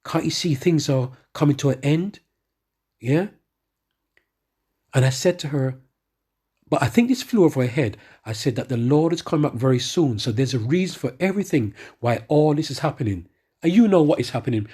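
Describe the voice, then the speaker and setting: A man's voice: mid-range voice, expressive, fairly quick, warm tone, slightly rough. A man giving a rambling spoken testimony who keeps checking in with his listeners as he tells his story. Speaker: church member giving testimony.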